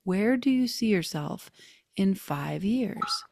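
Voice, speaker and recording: A woman's voice: mid-range voice, animated, takes it slowly, creaky, a little mellow, slight background noise. A woman hosting an online creativity workshop over a video call, talking in an enthusiastic, playful way. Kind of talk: playful online group session.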